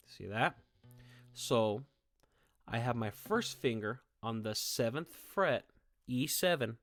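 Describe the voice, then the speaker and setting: In a dry recording, a male music teacher with a mid-range voice gives an indoor guitar lesson while playing. He encourages his students and keeps asking "okay?" and "all right?"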